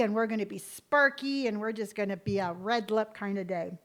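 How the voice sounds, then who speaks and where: A woman's voice: fairly high pitch, normal speed, hardly any pauses, sharp tone. A woman hosting a live gaming stream in casual chat, effusively thanking viewers one by one with a playful, sing-song manner.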